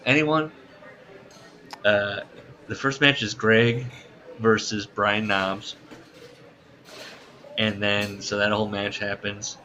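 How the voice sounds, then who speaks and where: A man co-hosting a casual podcast, telling a story in an animated way and laughing at his own retelling. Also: lowish voice, takes it slowly, pauses often, slight background noise. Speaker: podcast co-host recapping wrestling shows. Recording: dull, slightly lo-fi podcast audio.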